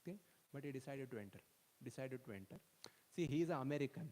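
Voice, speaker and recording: A man's voice: medium pitch, expressive, fast, darkish tone, long reverb tail, slight background noise, rough recording. A man giving a storytelling sermon to young people, constantly checking in with "okay?" and "no?". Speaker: speaker at a youth festival.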